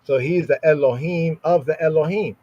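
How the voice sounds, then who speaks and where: A man giving an informal podcast Bible study, reading Hebrew verses slowly and checking in with "right?" after nearly every phrase. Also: fairly high pitch, warm tone, dull audio.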